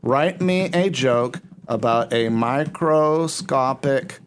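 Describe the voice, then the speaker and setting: A man's voice: medium pitch, slow pace, a little hiss or hum. A man hosting a podcast, chatting casually and reading out jokes with playful chuckles. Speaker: podcast host.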